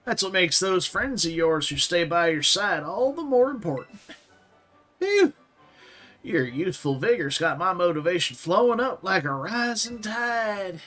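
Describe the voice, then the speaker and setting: A man voicing a hearty old man with a put-on Southern US accent, reading game dialogue in a booming, drawn-out way. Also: sing-song, a bit bright, faint music behind, exaggerated voice. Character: boisterous old sailor-like man.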